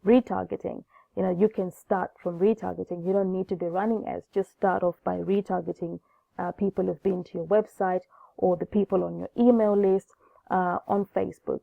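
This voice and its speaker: A woman's voice: lowish voice, steady tone, normal speed, no echo. A woman with a cold and a groggy voice, hosting an online business class in a chatty way, restarting her phrases often. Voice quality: gravelly. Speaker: online course host. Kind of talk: webinar teaching. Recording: tinny phone-like line, dry.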